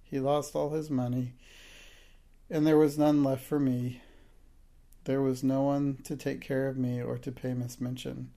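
A man reading an audiobook, voicing a quiet, earnest orphaned young girl in a soft, plain voice. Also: medium pitch, little pitch movement, a little slow, gravelly.

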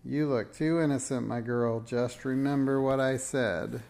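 A man reading aloud, voicing a cranky, bossy old witch who scolds slowly and sharply in a storybook. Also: mid-range voice, fairly even intonation, creaky, a little mellow. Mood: scolding.

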